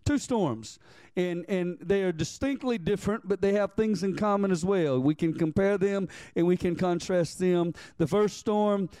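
Male pastor delivering a sermon, high smooth voice, calls for responses from the pews, leans into key lines. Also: normal speed, mellow, no echo. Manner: preaching, asks the congregation to answer back; reads scripture aloud in old-fashioned wording.

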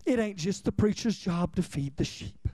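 A man's voice: sits high, expressive, moderate pace, mellow, no echo. A man preaching a conversational sermon as pastor, repeating lines for emphasis and asking his congregation questions.

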